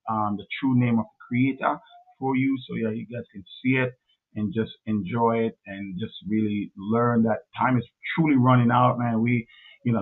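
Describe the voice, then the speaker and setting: Effusive man on tinny phone-like audio. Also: mid-range voice. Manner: effusive, repeats himself, says "man" often. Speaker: livestream host. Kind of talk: casual livestream chat.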